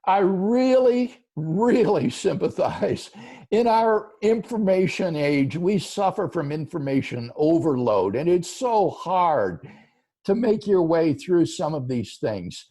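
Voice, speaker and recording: A man's voice: high-pitched, slow pace. A man, a philosopher, answering viewer questions in an interview, earnest and explanatory. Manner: earnest, explanatory, lively rising and falling delivery.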